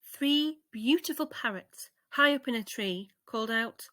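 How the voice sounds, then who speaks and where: A woman reading a children's bedtime story aloud in a gentle, expressive way. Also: on the high side, measured pace, dry recording.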